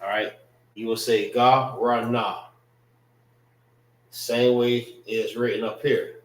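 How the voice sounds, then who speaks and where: Slow, drawling American man teaching. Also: medium pitch, little pitch movement, echoey room, rough recording. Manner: slow, repetitive, drills pronunciation with frequent "all right" and "know what I mean". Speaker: Hebrew language teacher. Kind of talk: classroom language lesson.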